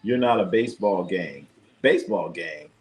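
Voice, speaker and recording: A man hosting a casual sports livestream, reacting to the chat in a jokey, animated way. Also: low-pitched, normal speed. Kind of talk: casual live chat commentary.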